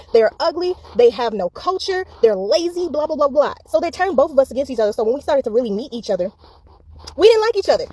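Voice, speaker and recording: A woman's voice: high voice, darkish tone. A woman from the United States giving exasperated social media commentary with sarcastic asides.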